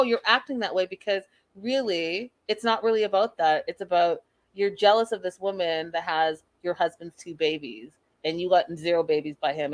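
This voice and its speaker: Her pitch fairly low, a young woman host breaks down a reality show episode in chatty, opinionated fashion, bringing energy and acting out quotes. The recording is dry.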